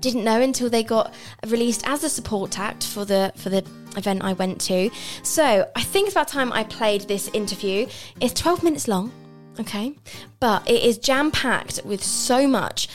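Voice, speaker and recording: A woman's voice: a little high, normal speed, soft background music. Bubbly young woman radio presenter. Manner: bubbly and chatty, laughs often. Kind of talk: casual radio chat. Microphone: studio microphone.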